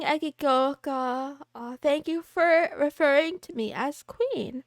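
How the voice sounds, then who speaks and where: A woman with a high, bright-pitched voice talks casually on a livestream, reading out viewer names and greeting each one playfully. She throws in wry, self-mocking asides. The sound is close and dry, with no room around it. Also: a little slow, few pauses, dry recording. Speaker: VTuber livestreamer.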